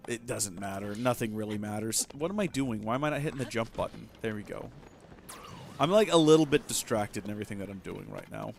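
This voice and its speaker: A man's voice: medium pitch, vocal fry. Rambling man hosting a game stream. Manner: rambling, self-deprecating, chats with viewers. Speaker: livestream host. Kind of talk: casual gameplay livestream chat.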